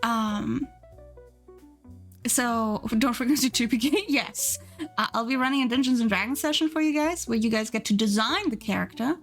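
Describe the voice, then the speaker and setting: A woman's voice: on the high side, normal speed. A young adult woman chatting casually on a live stream while she draws, bubbly and giggly, thanking viewers as she goes. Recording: faint music underneath.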